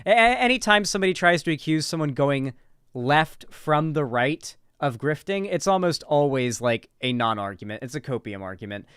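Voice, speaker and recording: A man's voice: fairly high pitch, big pitch swings, moderate pace, a bit bright, clear, resonant tone, dry recording, studio quality. A man doing casual commentary, sarcastic and rambling, with frequent swearing. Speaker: political commentary streamer.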